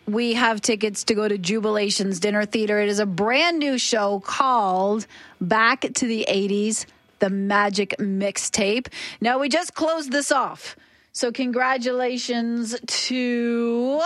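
A woman hosting a morning radio show, telling stories in a chatty, animated way. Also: medium pitch, no room sound. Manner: chatty, animated storytelling with laughter. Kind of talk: casual radio chat. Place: radio studio. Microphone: studio microphone.

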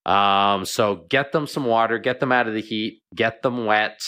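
A man's voice: lowish voice, measured pace, bright, forceful tone. A man speaking as a veterinarian guest on a radio show, explaining plainly and often repeating words as he thinks.

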